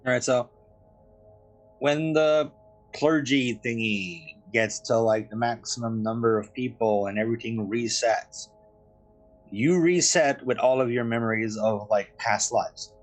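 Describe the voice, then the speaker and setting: Male player, mid-pitched, curious questioning; faint music bed. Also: unhurried, rough recording. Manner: questioning, thinking aloud. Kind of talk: tabletop game chat.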